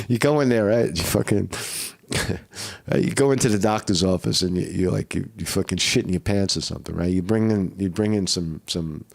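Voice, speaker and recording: A man with a fairly low voice and a rough, flu-sick throat, talking casually to his viewers. He rambles, swears freely and keeps asking "right?". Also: normal speed. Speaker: vlogger. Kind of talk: casual live-stream monologue.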